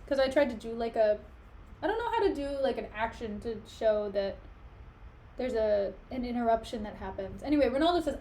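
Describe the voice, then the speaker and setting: A woman's voice: a little high, animated, brisk, darkish tone, poor audio. Chatty, giggly woman streamer. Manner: chatty, giggly, self-mocking. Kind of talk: casual reading stream with commentary.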